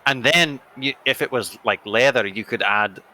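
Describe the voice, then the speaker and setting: A teasing man at a tabletop game who talks haltingly. His voice has a very bright, forceful edge at a middle pitch. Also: low-quality recording.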